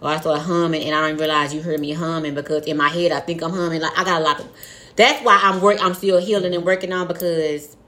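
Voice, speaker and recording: Young woman, low voice, blunt and profane, animated candid talk. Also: fast talker. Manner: frank, profane, animated storytelling with acted-out quotes. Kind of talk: casual candid chat.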